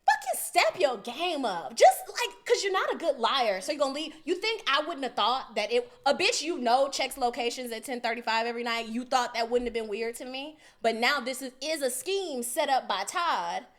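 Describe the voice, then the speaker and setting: A woman's voice: high-pitched, brisk, few pauses. Podcast girl ranting through a messy story, cussing a lot, voice swinging all over. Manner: animated, profane, acts out both sides of arguments. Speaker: podcast co-host. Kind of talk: casual storytelling.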